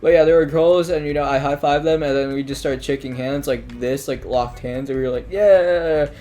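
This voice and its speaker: A man's voice: medium pitch, fairly even intonation, moderate pace, dark tone, soft background music. A man telling school stories in a casual, rambling monologue, full of filler words, restarts and offhand swearing.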